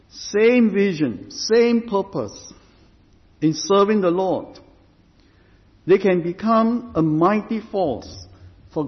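A man preaching a sermon as pastor, deliberate and emphatic, stressing points through repetition. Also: sits high. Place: church. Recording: reverberant hall, dull lo-fi sound.

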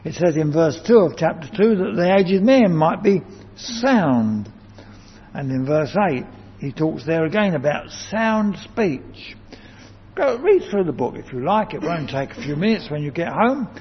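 A man's voice: fairly high pitch, big pitch swings, a little slow, slight background noise. A man preaching a sermon in a church, earnest and emphatic, lifting his voice to stress key words. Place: church building. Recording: dull lo-fi church sound with long reverb.

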